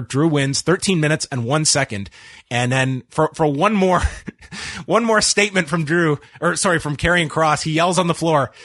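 A man's voice: a little high, fairly bright tone, no echo. Dry-toned man recapping wrestling. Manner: dry, wry recap with hesitations. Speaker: wrestling show reviewer. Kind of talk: casual recap chat.

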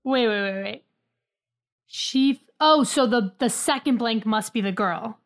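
Woman chatting and swearing on a podcast, fairly high voice, joking around. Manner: quick guesses, swears and jokes. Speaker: podcast co-host. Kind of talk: casual chat.

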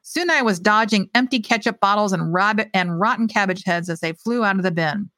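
A woman's voice: medium pitch, a little fast, sharp tone, no echo. A woman author reading her own short story aloud with expression, and chatting casually and hesitantly about it afterwards.

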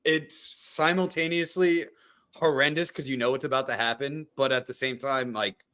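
A man's voice: medium pitch, steady tone, moderate pace, a bit bright. Blunt swearing man in casual chat. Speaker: podcast co-host. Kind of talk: casual profane group chat.

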